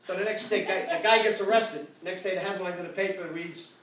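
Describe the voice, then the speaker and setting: A man's voice: sits high, fairly even intonation, brisk. An older man doing stand-up jokes at a church gathering, laughing at his own punchlines. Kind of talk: stand-up joke telling. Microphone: phone camera across the room. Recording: echoey room, far from the mic, loud background noise.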